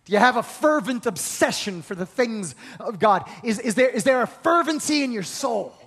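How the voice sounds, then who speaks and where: A male pastor preaching a sermon with energetic rhetorical questions and call-and-response with the congregation. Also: extremely high pitch, moderate pace, slightly rough. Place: church hall. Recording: reverberant hall.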